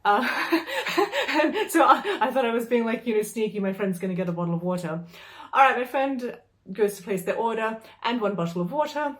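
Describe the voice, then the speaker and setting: A woman's voice: a little high, animated, normal speed. A woman vlogger telling a casual story, chatty and exasperated, with lots of fillers and the odd swear.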